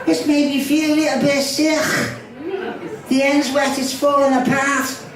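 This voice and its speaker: A woman's voice: sits high, level tone, a little slow, recorded from a distance. A woman playing a whiny Scouse lad. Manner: whiny, slangy protests. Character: whingeing young Scouse lad, proud and fussy. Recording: echoey hall, voice from off-mic.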